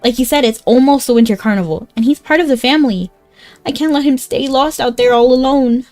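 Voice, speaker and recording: A woman's voice: high voice, brisk, a little mellow, faint music behind, voice pushed up, lightly acted. A woman voicing a small, earnest village girl who lost her cat and asks for help. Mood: pleading. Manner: earnest, pleading.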